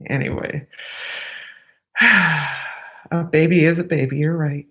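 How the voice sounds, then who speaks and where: A woman's voice: deep voice, steady tone, slow pace, bright, forceful tone, breathy edge. A middle-aged woman hosting a casual livestream, rambling nervously and goofily while fighting allergies. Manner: chatty, goofy, nervous rambling. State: allergies, sniffly. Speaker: YouTube livestream host. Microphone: laptop microphone.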